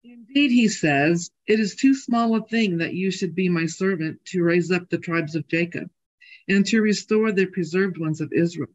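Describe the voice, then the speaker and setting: A man in a Bible class slowly and carefully reading a scripture passage aloud. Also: high-pitched, rough recording.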